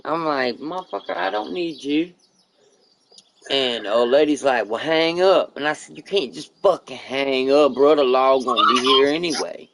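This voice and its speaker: A man live streaming who tells a rambling, profane story in casual chat, acting out the other people's lines as he goes. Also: fairly low pitch. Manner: profane, rambling, animated retelling with quoted dialogue.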